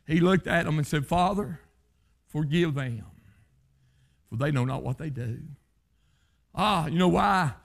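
Gravelly preacher man swinging high to low. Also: animated, a little slow, long pauses. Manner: chanting revival-style sermon, pitch leaping up to shouts then dropping low. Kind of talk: sermon.

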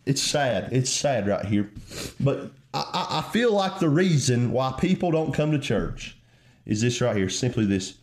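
A man preaching a fervent sermon, calling the listeners "friend" and swinging between quiet reflection and raised emphasis. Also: medium pitch, big pitch swings, unhurried.

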